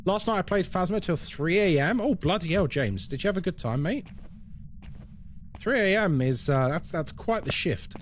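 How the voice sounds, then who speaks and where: Lively man streaming a horror game. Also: sits high, moderate pace, a little hiss or hum. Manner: chatty, reacts aloud to the game and greets viewers. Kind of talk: live gameplay commentary and chat.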